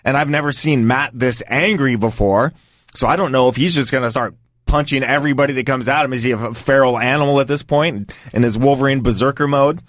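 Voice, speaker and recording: A man tells a casual story in a middle-pitched voice. He is animated and acts out the people in the story as he goes. The recording is close and dry, with no room echo. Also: a little fast. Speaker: guest storyteller.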